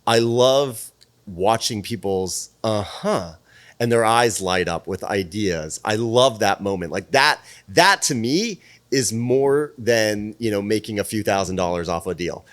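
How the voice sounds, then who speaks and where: A man who is a guest on a podcast, telling stories in a casual, animated way, swearing freely and acting out the dialogue. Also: on the low side, a little slow. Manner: animated, profane, plays out dialogue. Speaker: podcast guest, PR firm president. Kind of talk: casual storytelling.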